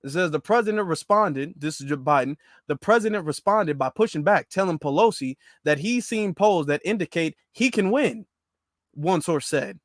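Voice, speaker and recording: High-voiced, mocking male commentator. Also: normal speed, no echo, studio quality. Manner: mocking, slangy, animated. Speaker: political commentator. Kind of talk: casual political commentary.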